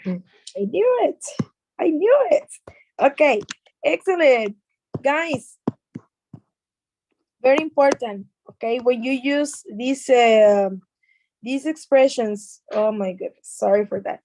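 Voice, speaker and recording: Slow-speaking woman English teacher. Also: sits high, animated, a little mellow, a little hiss or hum, poor audio. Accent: Mexican Spanish. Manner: patient, explains with repeated words and fillers. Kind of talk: online class teaching.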